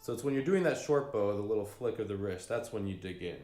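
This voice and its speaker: A man teaching fiddle bowing in a relaxed, unhurried way, often pausing with ums and singing out rhythms. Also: lowish voice, over loud music. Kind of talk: relaxed spoken music lesson. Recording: echoey room with fiddle playing.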